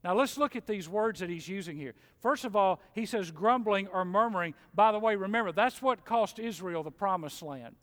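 A middle-aged man preaching a sermon in a church, folksy and animated, mimicking grumblers. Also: high-pitched, moderate pace, few pauses. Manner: animated, folksy, mocks complainers in mimicking voices. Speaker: pastor. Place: church sanctuary. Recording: long hall reverb.

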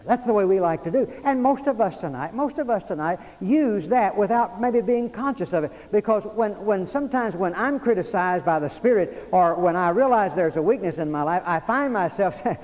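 A man's voice: high voice, animated, a little fast, hardly any pauses, darkish tone. Man preaching in a reverberant church. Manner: preaching with rising emphasis and repeated phrases. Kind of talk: sermon. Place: church sanctuary.

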